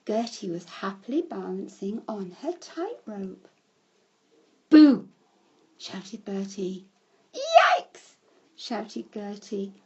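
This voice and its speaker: A woman reads a children's story aloud at an unhurried pace, her pitch rising and falling all through. Her voice is a little husky. The recording sounds muffled and lo-fi. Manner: slow, lively storybook telling with shouted character cries.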